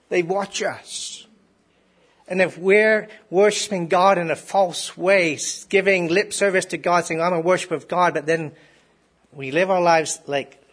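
Guy preaching a sermon, a bit husky, kinda high, chatty, keeps asking the room stuff. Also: a bit bright. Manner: conversational preaching with rhetorical questions and restarts. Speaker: pastor.

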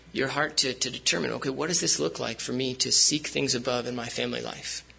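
A man's voice: medium pitch, vocal fry, bright, forceful tone, breathy edge, low-quality recording. A man preaching a sermon as pastor, speaking conversationally with frequent fillers and restarts.

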